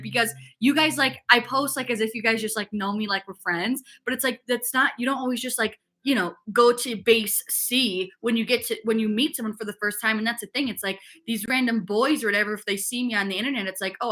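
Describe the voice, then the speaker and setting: A woman's voice: on the high side, pushed and bright. A young woman from upstate New York, hosting a casual fitness livestream and telling a rambling, gossipy story packed with "like" fillers, and answering chat comments.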